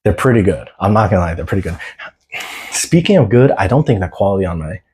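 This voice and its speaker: Laid-back husky man livestreaming. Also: low-pitched, expressive, fast talker, a little mellow. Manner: laid-back, slangy, answers chat. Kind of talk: casual livestream chat. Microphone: phone camera.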